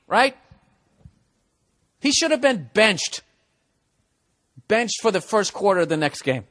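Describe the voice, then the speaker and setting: A man's voice: high voice, very animated, takes it slowly, pauses often, fairly bright tone. A man ranting profanely and sarcastically in a monologue, mocking people with put-on quotes. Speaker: podcast host.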